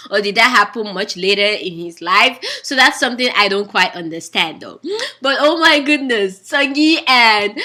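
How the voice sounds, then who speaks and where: A young woman reviewing a TV drama in casual, gushing chat, excitable and quick to laugh. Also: on the high side.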